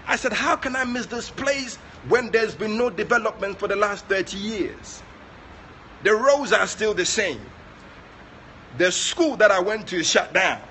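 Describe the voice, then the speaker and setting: A man with a Ghanaian accent preaching during an online prayer session, moving between soft asides and loud, passionate exclamations. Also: high voice, expressive, measured pace, a little hiss or hum. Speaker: prophet leading online prayer. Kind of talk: sermon.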